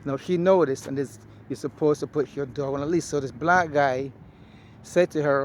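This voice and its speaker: A man's voice: on the high side, normal speed, slight background noise. A man vlogging as he walks outdoors in a park, talking in a blunt, emphatic, preachy way. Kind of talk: casual walking monologue.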